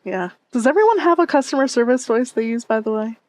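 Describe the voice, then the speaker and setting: A woman's voice: fairly high pitch, lively intonation, fast talker. A woman streamer chatting casually with her viewers on a headset mic, reading and answering chat and laughing often.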